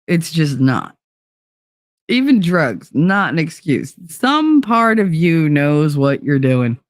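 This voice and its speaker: A woman's voice: sits low, very animated, slow, no room sound, studio quality. A woman hosting a livestream talk show, chatting casually with her audience as a blunt, profane, laughing storyteller who slips into put-on accents. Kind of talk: casual chat to a live chat audience.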